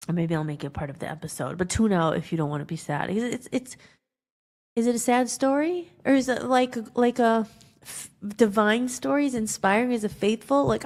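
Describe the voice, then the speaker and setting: Woman podcast host, gravelly voice, rambling and emotional storytelling. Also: a little high, a little mellow. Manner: rambling, emotional, many fillers and restarts. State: tearful at times. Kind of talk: personal storytelling monologue.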